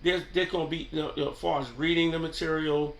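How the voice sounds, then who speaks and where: High, bright-voiced New man rambling. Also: flat delivery, fast talker, echoey room. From New York. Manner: slangy, rambling, keeps asking "you know what I'm saying". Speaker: channel host. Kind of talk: casual off-the-cuff commentary.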